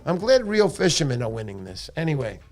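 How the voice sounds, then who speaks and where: A middle-aged man hosting a casual livestream, playful and jokey with loud bursts of excitement. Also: fairly high pitch, brisk, soft background music. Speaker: livestream host.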